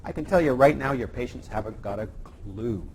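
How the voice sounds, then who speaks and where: A man's voice: medium pitch, animated, a little fast, darkish tone, a little hiss or hum. A man teaching a live class on evidence-based medicine, chatty and teasing with his co-presenter. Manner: jokey, teasing, conversational. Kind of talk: live teaching session with banter.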